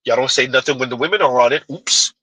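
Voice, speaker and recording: A man's voice: mid-range voice, quick pace, pushed and bright, breathy edge, no echo, rough recording. A man hosting a live-stream commentary show, firing off blunt, mocking rhetorical questions with "huh?" asides. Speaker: commentary channel host.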